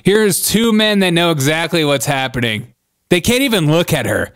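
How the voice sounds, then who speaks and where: A man's voice: on the high side, sing-song, moderate pace, a bit bright, clean tone. A man hosting a comedic commentary show, reacting to clips with mocking remarks and laughter. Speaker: host.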